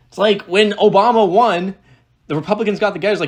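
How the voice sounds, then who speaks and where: A man's voice: high voice, fast. Profane, exasperated man ranting. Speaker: political commentator reacting to a speech. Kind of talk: casual reaction commentary.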